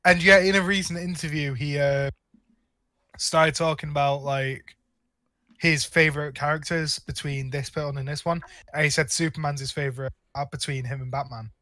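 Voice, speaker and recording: A man's voice: on the high side, fairly even intonation, normal speed, bright, forceful tone, no room sound. A young man co-hosting a casual film review podcast, blunt and opinionated, riffing playfully. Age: young adult. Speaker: podcast co-host.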